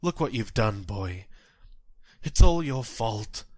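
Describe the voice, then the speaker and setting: A man's voice: lowish voice, big pitch swings, slow, fairly bright tone, no room sound, exaggerated voice. A screaming grief-stricken old man. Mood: furious. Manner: screaming, sobbing accusations.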